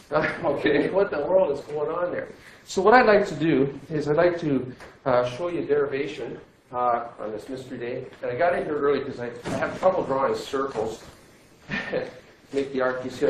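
A male physics teacher giving a classroom lecture, lively and joking as he quizzes his students. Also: fairly high pitch. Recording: echoey classroom, faint noise.

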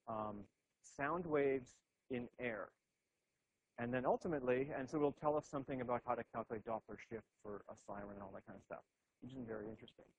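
A man's voice: medium pitch, highs cut off. A man giving a classroom physics lecture at a board, thinking aloud with frequent restarts and "okay"s.

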